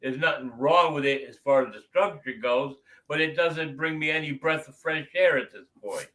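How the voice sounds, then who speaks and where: A man's voice: fairly high pitch, moderate pace, sharp tone, low-quality recording. A man co-hosting a music reaction show, giving blunt, swear-filled opinions in casual banter. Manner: blunt, swears freely, hedges with "you know".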